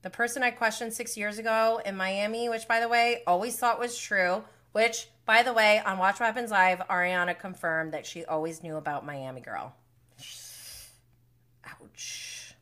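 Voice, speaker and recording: A woman's voice: mid-range voice, fairly even intonation, normal speed, a bit bright. A woman hosting a live TV recap, talking in an emotional, indignant way, blunt and swearing freely, sometimes close to tears. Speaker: recap show host. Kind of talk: live reality TV recap commentary.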